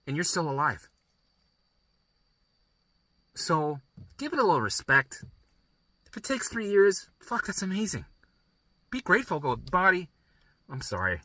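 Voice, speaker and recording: A man's voice: high-pitched, sing-song, a little slow, long pauses, bright, forceful tone, no room sound. A man coaching listeners through recovery in a blunt, profane, emphatic motivational monologue.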